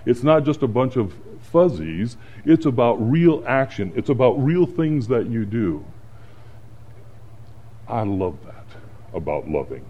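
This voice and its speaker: A man's voice: medium pitch, unhurried, lo-fi sound. A middle-aged man, a pastor, preaching a sermon and telling stories from his week. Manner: storytelling, animated when acting out panic.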